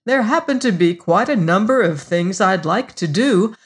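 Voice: mid-range voice, lively intonation, moderate pace, voice pushed up, natural voice. Smug, pushy schemer, as a narrator reads him. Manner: pushy and self-satisfied. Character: smug, scheming man bargaining with the devil. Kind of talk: storybook reading.

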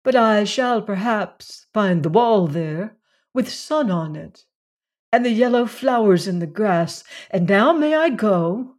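A reader voicing a wan, childlike young woman who lisps and speaks simple broken English slowly, for a storybook reading. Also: mid-range voice, lively intonation, pitched above the performer's own voice.

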